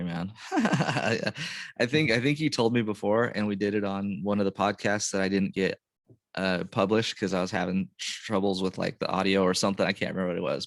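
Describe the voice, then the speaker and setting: A man with a fairly low voice chats in an easygoing, unhurried way, tossing in "dude" and "man" as he hosts a sports podcast. The sound is dry and close, with no room around it. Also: dry recording. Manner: laid-back, says dude and man a lot. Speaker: podcast host. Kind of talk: casual chat.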